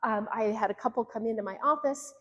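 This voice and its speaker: A woman's voice: a little high, quick pace. A woman, a marriage therapist, teaching a workshop in an earnest, conversational way, acting out the lines she quotes. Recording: long hall reverb.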